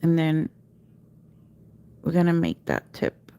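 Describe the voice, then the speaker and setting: A woman's voice: low-pitched, big pitch swings, slow, mellow, smooth. A woman teaching a live nail art class, giving patient step-by-step instructions and chanting repeated cue words as she works. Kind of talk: livestream tutorial.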